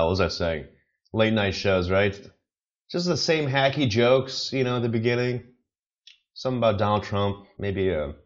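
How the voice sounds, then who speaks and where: A man's voice: sits low, highs cut off. A man from the United States hosting a solo comedy podcast, meandering and chuckling at his own jokes. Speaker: podcast host, amateur comedian. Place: apartment in China.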